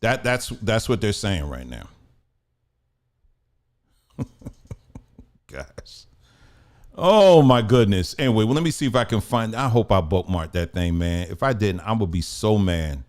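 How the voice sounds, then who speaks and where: A man's voice: fairly low pitch, lively intonation, normal speed, pauses often. A middle-aged man hosting a casual news commentary show, rambling, muttering to himself and laughing often. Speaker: host.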